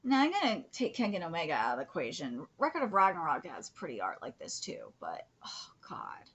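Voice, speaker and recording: A woman streaming a live manga reaction, gushing, cursing freely and often dropping into breathy whispers. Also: on the low side, big pitch swings, normal speed, hardly any pauses, fairly bright tone. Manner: gushing, swears a lot, drops into whispers.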